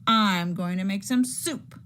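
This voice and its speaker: A woman's voice: medium pitch, takes it slowly, a bit bright, a little hiss or hum. A woman snarling as a grumpy scruffy varmint. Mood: grumbling. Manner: snarling, gruff. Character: grumpy scruffy male varmint, nasty temper.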